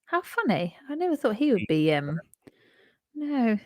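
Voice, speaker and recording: A woman's voice: on the high side, big pitch swings, a little slow, darkish tone, no room sound, clean studio sound. A woman co-hosting a podcast in casual chat, giggly and blunt with her opinions. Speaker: podcast co-host.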